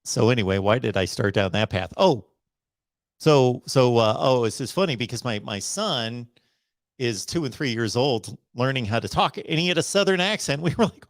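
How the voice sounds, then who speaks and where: A man's voice: mid-range voice, animated, dry recording. Emphatic middle-aged male sports show host. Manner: emphatic, preachy, slows down to stress points. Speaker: host of a college football call-in show. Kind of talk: casual livestream monologue.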